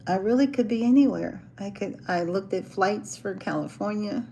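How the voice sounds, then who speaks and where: A woman chats live with her viewers, laughing often and slipping into the voices of people in her stories. Her pitch sits in the middle of the range. A faint hiss runs under her voice. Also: moderate pace, gravelly, dark tone, rough recording. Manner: chatty, laughs often, acts out quoted voices. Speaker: livestream host chatting with viewers. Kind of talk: casual live chat. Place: hotel in a city, music from a band downstairs.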